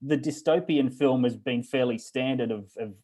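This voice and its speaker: An older man, a film festival director, talks as a podcast guest. He speaks in a thoughtful, measured way, pausing on small fillers. His voice sits at a plain middle pitch. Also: a little mellow, rough recording. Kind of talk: casual interview chat.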